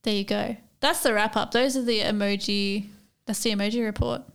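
A woman's voice: medium pitch, fairly even intonation, brisk, creaky, clear, resonant tone. A young Australian woman co-hosting a casual chat, chatty and giggly with lots of filler words. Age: young adult. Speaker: podcast co-host.

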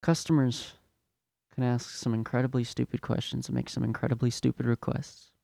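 A man's voice: mid-range voice, level tone, brisk, creaky, warm tone, no echo, studio quality. A young man hosting a podcast, ranting in a fed-up, profane, exasperated way about his retail job. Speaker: podcast host, retail worker.

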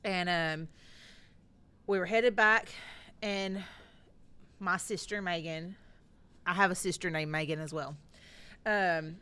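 A woman tells a story on a casual podcast. She speaks slowly and deliberately in a bright, slightly low voice. She repeats key points for emphasis. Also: steady tone, clear, resonant tone. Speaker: podcast co-host.

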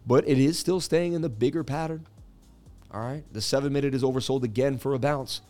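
A chatty, joking man running a live market-analysis stream. He riffs casually between chart talk and viewer questions, and his pitch sits at a plain middle. Faint music plays behind him. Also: fairly quick, mellow. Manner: joking, chatty, reads viewer comments aloud. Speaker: crypto livestream host. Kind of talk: casual livestream market commentary.

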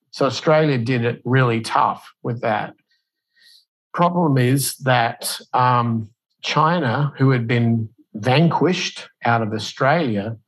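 Animated man telling a story casually. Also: mid-range voice, rough recording. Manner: animated storyteller who acts out quotes in a raised voice; loose delivery with fillers and restarts. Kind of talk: casual conversational explanation.

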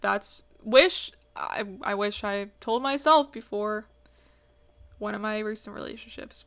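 A woman's voice: fairly high pitch, normal speed, bright, forceful tone. A young woman hosting her own podcast, talking about relationships in a rambling, emotional way with lots of fillers and swearing, tearful at times. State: tearful, crying. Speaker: podcast host. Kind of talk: casual personal podcast monologue.

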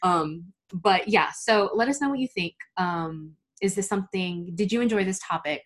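A young woman co-hosting a casual podcast, talking in a relaxed way with lots of fillers and soft laughs. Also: mid-range voice, normal speed. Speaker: podcast co-host.

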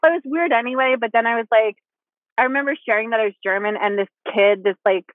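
A bubbly woman hosts a casual chat over the phone, laughing often and leaning on "like" as she talks. Her slightly high voice comes through a tinny, dry line. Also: steady tone, quick pace, no echo. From Pennsylvania, USA. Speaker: podcast host.

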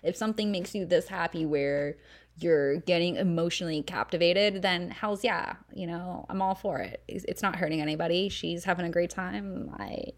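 A woman's voice: lowish voice, moderate pace. A young woman hosting a casual solo podcast, chatty and self-deprecating, laughing often and swearing freely. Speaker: podcast host.

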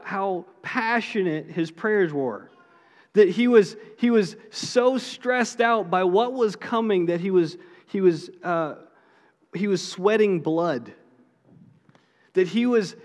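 A man's voice: on the high side, in a large hall. A man preaching a sermon in a conversational way, often repeating words and acting out quotes. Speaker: pastor. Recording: guitar music underneath.

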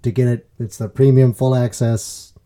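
A man's voice: mid-range voice, flat delivery, normal speed, mellow. A man co-hosting a casual faith podcast, rambling with fillers and restarts and laughing easily. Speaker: podcast co-host. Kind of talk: casual chat.

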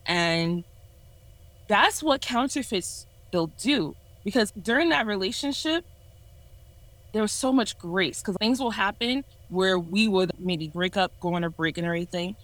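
A woman's voice: mid-range voice, measured pace, fairly bright tone, no room sound, low-quality recording. A woman in her twenties sharing a candid personal testimony on a podcast in an earnest, self-reflective way. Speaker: ministry leader sharing a testimony.

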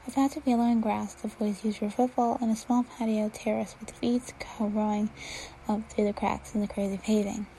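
A woman reading fan fiction aloud at an unhurried pace, dropping to a whisper now and then. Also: mid-range voice, little pitch movement, mellow, slight background noise, rough recording. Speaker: reader.

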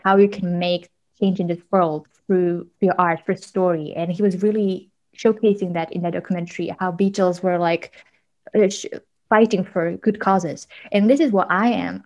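A woman working in media, a guest telling animated stories with frequent laughs and fillers in a casual interview. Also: lowish voice, rough recording. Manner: animated storyteller, laughs often, many fillers.

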